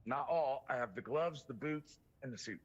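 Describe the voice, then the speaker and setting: A husky-voiced man talks in a relaxed, bro-like way, with an easy middle pitch. He chats with a fellow player and swears casually. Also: normal speed, dull audio. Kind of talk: casual chat in a game.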